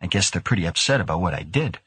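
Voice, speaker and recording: A man voicing a quiet, earnest young male scientist, sincere and soft-spoken. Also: deep voice, lively intonation, fast talker, slightly rough, no room sound, exaggerated voice.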